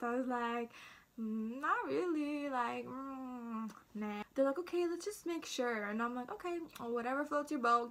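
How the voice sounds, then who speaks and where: A woman's voice: high voice, bright, forceful tone. A teenage girl vlogging in a chatty storytelling way, acting out what everyone said. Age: teens. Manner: chatty, dramatic, acts out quotes. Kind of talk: casual storytime.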